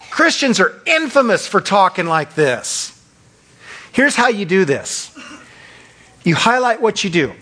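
A man preaching a sermon as pastor, acting out quick voices of the accuser and of self-righteous churchgoers. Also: high-pitched. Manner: acts out voices of Satan and churchgoers, animated.

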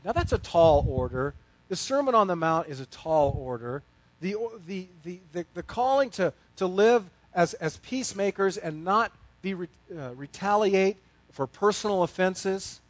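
A male pastor preaches a sermon in a high, lively voice that leaps up and falls low, telling a story that shifts from hushed tones to loud bursts. The sound is close and dry, without any room echo.

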